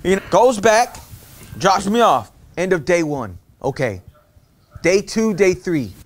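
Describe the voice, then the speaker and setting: A man's voice: high-pitched, unhurried. A man telling a rambling story from his childhood in casual slang, acting out the voices of his relatives. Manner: animated, acts out voices of relatives; streetwise slang, loose rambling. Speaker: storyteller in a clip being reacted to.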